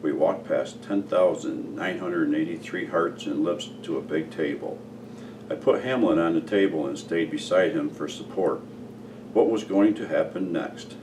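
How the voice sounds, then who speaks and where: A man from a school staff reading a picture book aloud in a plain, steady storytelling manner. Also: low-pitched, measured pace. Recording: distant mic with background noise.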